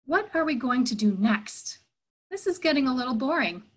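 A woman's voice: high voice, big pitch swings, moderate pace, slightly rough, voice pushed up, heavily acted. A woman voicing a playful male wandering teacher who asks questions, as part of a sermon story.

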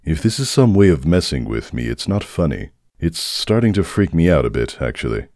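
A man's voice: rumbling low, big pitch swings, fairly quick, darkish tone, dry recording, heavily acted. A man playing a dry, weary stallion dad. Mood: deadpan. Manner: dry, sarcastic understatement. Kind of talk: fan audio drama reading. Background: faint background music.

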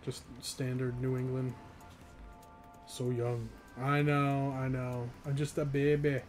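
A man's voice: mid-range voice, flat delivery, slow, a little mellow, soft background music. A young man in his twenties, from the northeastern US, chatting casually and rambling with chat while streaming a game, often laughing.

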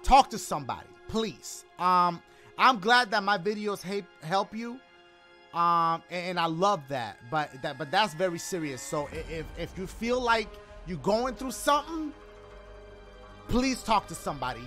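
A man's voice: high-pitched, expressive, measured pace, pauses often, bright, forceful tone, faint music behind. A man streaming a game, chatting casually and reading donations in loose slang with joking asides. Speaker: gaming streamer.

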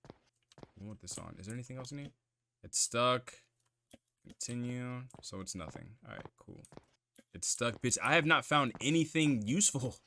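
Another stretch of the horror-game let's play, with the man cursing and talking to himself in nervy bursts. Here his voice is mid-range and animated at a normal speed, creaky and sharp-toned, with frequent pauses.

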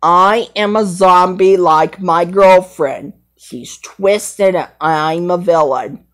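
A woman's voice: lowish voice, slow pace. A woman voicing a brave, brooding young male lion in an amateur fan role-play, rambling and hesitant. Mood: earnest.

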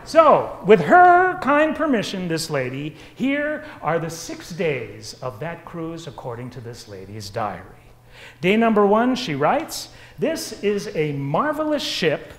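A man giving a live motivational talk on stage in front of an audience, dramatic and swinging between loud and hushed. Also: a little high, wildly swooping pitch, unhurried, echoey room. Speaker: motivational speaker.

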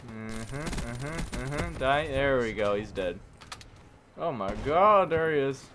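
A man giving live commentary over his own gameplay, jokey and prone to sudden yelps and shouts. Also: mid-range voice, lively intonation, a little slow, noisy background. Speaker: gaming commentator.

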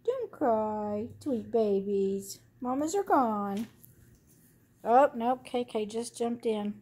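A woman's voice: on the high side, lively intonation, slow pace, mellow, breathy edge. A woman cooing at her puppies in doting, sing-song baby talk. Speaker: dog owner filming her puppies.

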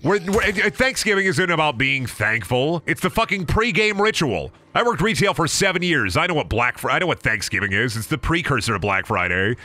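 Bright, lively Midwestern streamer. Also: male voice, a little high, fairly quick, hardly any pauses, a little hiss or hum. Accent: Midwestern American. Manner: rambling, profane, jokey. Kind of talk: casual gaming commentary.

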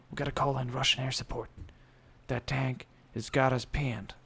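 A man giving casual commentary over a war video game, excitable and swearing often, bursting into loud yelps. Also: mid-range voice, normal speed, creaky, slightly rough. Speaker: gameplay commentator.

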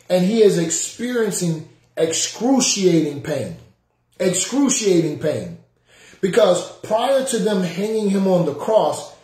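A man's voice: high-pitched, mellow, roomy sound. A man preaching a sermon as pastor, repeating his key lines and calling out to the congregation to respond. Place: church sanctuary.

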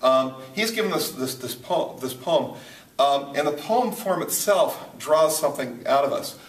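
A man teaches a poetry lesson at a board, thinking aloud with many restarts and fillers. His slightly high voice has lively intonation and an unhurried pace. It's recorded from a distance in a roomy space.

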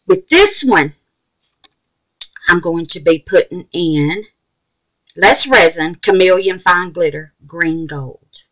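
A woman's voice: low-pitched, expressive, unhurried, pauses often, a bit bright, poor audio. A woman with a Southern US accent hosting a resin craft tutorial at home, folksy and chatty, calling viewers babies and honey as she works. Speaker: resin craft channel host.

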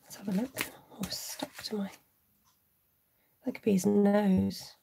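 A woman's voice: mid-range voice, little pitch movement, measured pace, vocal fry, mellow, husky. A woman hosting a live card-making stream, chatting casually, reading out viewer comments and often murmuring asides to herself. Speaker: card-making livestream host. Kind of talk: casual live crafting chat.

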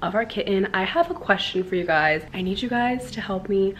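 A woman's voice: medium pitch, fairly quick, a bit bright, slight background noise. A young woman vlogging to camera at home, chatty and gushing, with many fillers. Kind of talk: casual vlog talk to camera. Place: home indoors.

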